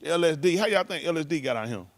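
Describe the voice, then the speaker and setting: A man's voice: a little high, expressive, fast talker, no room sound. A man telling stories in casual talk, rambling loosely and breaking into laughs. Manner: loose rambling delivery with laughs and shouted impressions.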